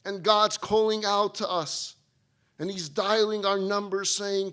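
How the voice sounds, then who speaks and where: Bright-voiced rabbi telling humorous stories. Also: male voice, high voice, level tone, a little slow, clear, resonant tone. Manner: humorous storytelling. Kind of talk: sermon-style talk.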